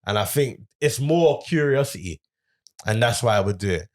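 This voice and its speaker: A man's voice: on the low side, expressive, normal speed. A young man, co-hosting a film review show in casual, teasing banter full of slang. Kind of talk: casual chat.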